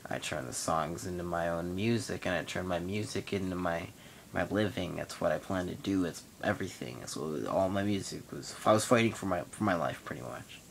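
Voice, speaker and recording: A young man in his late teens hosting his own vlog, telling a long personal story in a casual, rambling, matter-of-fact way with pauses. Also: deep voice, creaky, slight background noise. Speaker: vlog host.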